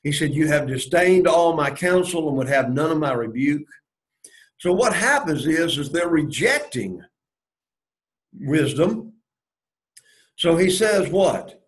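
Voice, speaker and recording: A man's voice: on the high side, animated, takes it slowly, pauses often, poor audio. A man leading a Bible study lesson, going through the verses and asking and answering his own questions. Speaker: Bible class teacher.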